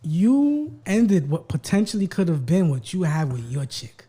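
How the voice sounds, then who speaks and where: Man, podcast co-host, crude teaser, husky and high, swings wide in pitch. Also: very animated, a little slow. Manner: loud, crude, teasing, exaggerated outbursts. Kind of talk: casual podcast banter.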